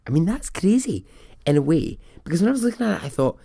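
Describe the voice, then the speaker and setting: A man's voice: sits high, big pitch swings, fast talker, creaky, warm tone, slightly rough, no echo, studio quality. A man hosting a podcast, casually telling a story in a chatty, wry way and laughing at his own asides. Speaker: podcast host.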